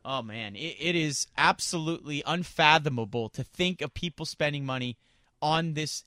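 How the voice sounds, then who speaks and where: A man on a sports radio show goes on a heated, indignant rant, stumbling over words he repeats. His voice is a little high, bright and forceful at a moderate pace, recorded echo-free on a studio microphone.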